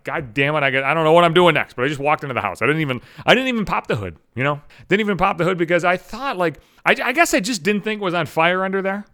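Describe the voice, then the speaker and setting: A man's voice: a little high, pushed and bright. A man hosting a podcast, telling a story in a rambling, profane, self-mocking way. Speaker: podcast host. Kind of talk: casual solo storytelling.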